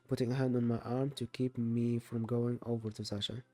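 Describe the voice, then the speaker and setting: Mellow man reading a dating game. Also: mid-range voice, level tone. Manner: halting, with frequent uh fillers and restarts. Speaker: gaming YouTuber.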